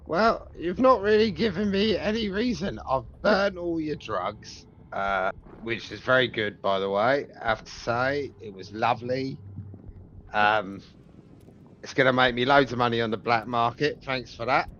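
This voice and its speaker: A man's voice: medium pitch, unhurried, a bit bright, muffled recording, a little hiss or hum, pitched above the performer's own voice, close to an everyday voice. A man playing a cocky, mocking gnome. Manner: mocking, sarcastic. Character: cocky angry male gnome adventurer.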